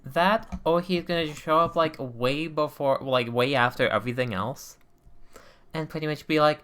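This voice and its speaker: A man casually chatting and recapping a tabletop game session in an animated, rambling way. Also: a little high, normal speed, smooth.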